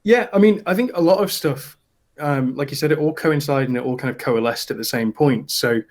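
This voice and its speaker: A man, a dice maker, answering interview questions in a relaxed, storytelling way and laughing easily. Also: a little high, brisk. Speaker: dice company founder.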